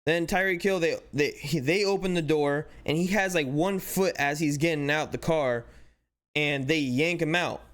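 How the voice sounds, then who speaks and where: A man hosting a sports channel, giving casual, animated commentary with exasperated rhetorical questions and lots of "like". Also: a little high, normal speed. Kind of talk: casual commentary breaking down footage.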